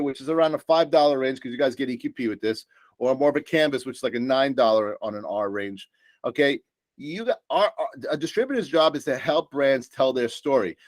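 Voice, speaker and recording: A man's voice: a little high, no room sound. A man with a New York accent giving an upbeat, joking sales presentation as a supplier, full of fillers and asides. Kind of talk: business presentation.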